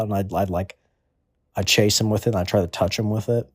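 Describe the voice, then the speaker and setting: Low-voiced man telling crude stories. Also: steady tone, fast, darkish tone, breathy edge, no echo. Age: 20s. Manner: rambling, offhand delivery. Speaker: comedic storyteller. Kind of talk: crude comedic monologue.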